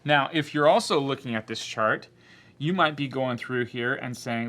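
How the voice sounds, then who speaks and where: A male Spanish teacher explains grammar step by step in a patient classroom manner. His voice is bright and carries well, at an ordinary middle pitch for a man. He now and then acts out a student's doubts before answering them. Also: moderate pace. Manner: explains patiently, voicing imagined student objections.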